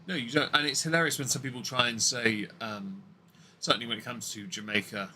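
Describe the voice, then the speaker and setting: A man's voice: mid-range voice, fairly even intonation, fairly quick, bright, forceful tone, slight background noise. A man co-hosting a casual political commentary show, blunt and opinionated, often restarting his sentences. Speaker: podcast co-host.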